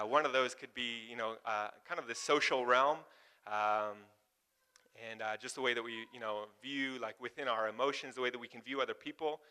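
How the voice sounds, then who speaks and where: Male pastor, bright tone, casual sermon delivery, laughs often, chatty asides to the congregation. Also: mid-range voice, clear, resonant tone. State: warm and sweating from exertion.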